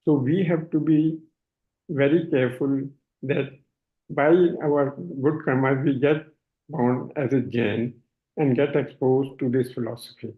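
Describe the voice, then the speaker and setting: Brief: older Indian man, measured explanatory lecturer, narrow phone-like audio from a video call. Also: medium pitch, steady tone. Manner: measured, explanatory, with many fillers. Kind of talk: online lecture presentation.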